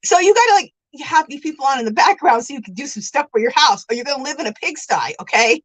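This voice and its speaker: Chatty woman livestreaming with a lively voice. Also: sits high, quick pace, dry recording, rough recording. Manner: chatty and effusive, calls viewers girl and sweetie. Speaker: livestream host of a yarn crafting show. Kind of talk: casual livestream chat, reading comments aloud. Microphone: phone.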